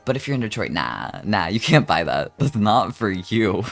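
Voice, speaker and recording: A man's voice: lowish voice, sing-song, normal speed, creaky. A young man, chatting casually on a live stream in a rambling, profane, jokey way. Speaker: vtuber streamer.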